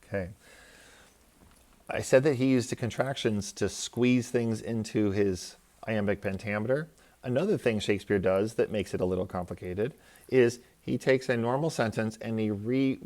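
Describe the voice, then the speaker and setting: Man, teacher, lowish voice, patient step-by-step explaining. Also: darkish tone. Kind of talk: recorded classroom lecture.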